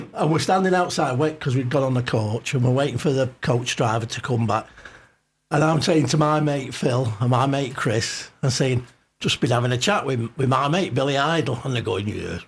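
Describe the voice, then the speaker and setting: A man's voice: mid-range voice, normal speed, breathy edge. A man in his sixties, a studio guest telling a long, hesitant anecdote on a radio chat show. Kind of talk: storytelling in casual chat.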